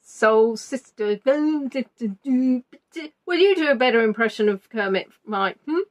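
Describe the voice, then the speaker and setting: A woman's voice: on the high side, animated, takes it slowly. A woman hosting a quiz, chatty and teasing, reading out answers as they come in. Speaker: quiz host. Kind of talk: live online quiz chat.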